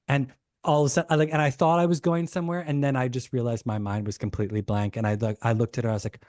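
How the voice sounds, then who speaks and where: A man, a podcast guest, telling an animated story in casual talk, rushing and restarting his sentences. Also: mid-range voice, dry recording, studio quality. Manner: animated, rushed retelling with many restarts.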